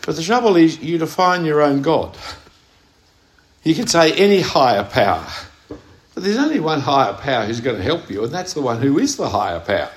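A man's voice: on the high side, sing-song, moderate pace, slight background noise. A man with an Australian accent preaching a sermon, telling a story in a conversational way with emphatic stresses. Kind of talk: sermon with anecdote. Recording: echoey room.

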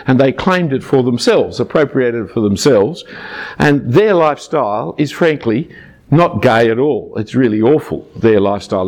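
A man's voice: mid-range voice, a little mellow. Emphatic older man preaching. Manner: emphatic and argumentative, with dry asides. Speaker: Bible teacher. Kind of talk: sermon.

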